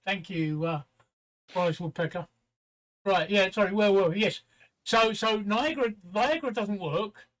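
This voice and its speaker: A man's voice: high voice, unhurried, a bit bright. An older man hosting a casual livestream chat from home. He talks bluntly with crude humour and many fillers. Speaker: host.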